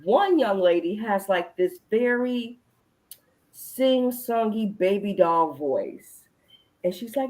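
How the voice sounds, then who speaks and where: A woman hosting a casual adult chat, telling stories in an animated way, acting out her own reactions and swearing freely. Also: medium pitch, measured pace, poor audio. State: recalls being pregnant at the time, not now. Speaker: podcast host.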